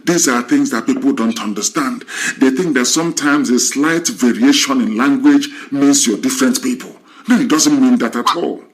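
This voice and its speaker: Man, host, lecturing, rhetorical questions, mid-pitched voice. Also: normal speed. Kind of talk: lecturing talk on a live stream.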